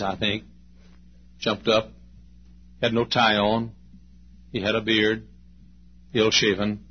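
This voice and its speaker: Husky-voiced preacher telling a dramatic story. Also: male voice, fairly low pitch. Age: late 50s. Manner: dramatic storyteller, swings from loud to hushed. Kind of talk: storytelling sermon. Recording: dull lo-fi sermon recording.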